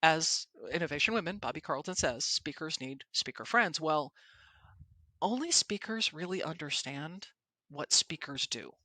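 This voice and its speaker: Podcast host, woman; animated storyteller, bright tone, dry close sound. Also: sits low, unhurried, no echo. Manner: animated storyteller who acts out quotes. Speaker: podcast host and presentation coach. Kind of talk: casual podcast chat.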